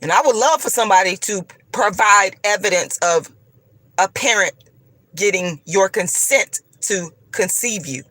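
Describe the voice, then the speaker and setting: A woman's voice: mid-range voice, measured pace, bright, forceful tone, no echo. A woman vlogger delivering a profane, combative, preachy rant straight to her viewers. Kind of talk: ranting monologue to camera.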